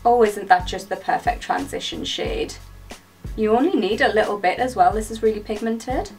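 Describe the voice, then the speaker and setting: A young British woman chatting excitedly through a makeup tutorial in a gushing, chatty way. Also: mid-range voice, moderate pace, soft background music. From United Kingdom. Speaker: beauty vlogger.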